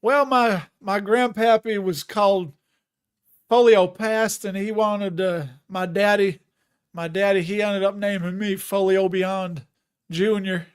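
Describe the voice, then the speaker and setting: A man's voice: high voice, fairly even intonation, slow, smooth. A man putting on a folksy rural man with an exaggerated drawl, talking up his family in a hammy way.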